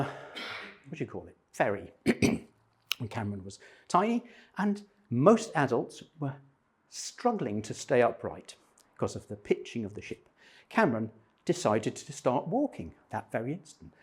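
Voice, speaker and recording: Retired man in his sixties, slightly husky, spins wry personal stories for a friendly crowd. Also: mid-range voice. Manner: self-deprecating, humorous anecdotes. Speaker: speaker at a men's breakfast.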